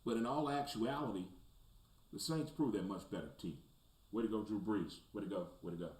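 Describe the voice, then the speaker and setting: Animated man ranting about football, roomy echo. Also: fairly quick. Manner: animated, swings from loud rants to low mutters. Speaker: sports talk show host. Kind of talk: casual sports commentary. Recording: roomy echo, faint background noise.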